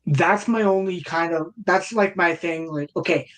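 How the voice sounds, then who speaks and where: A man's voice: sits high, normal speed, fairly bright tone. A man co-hosting a casual wrestling podcast, thinking aloud and hedging as he talks. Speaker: podcast co-host.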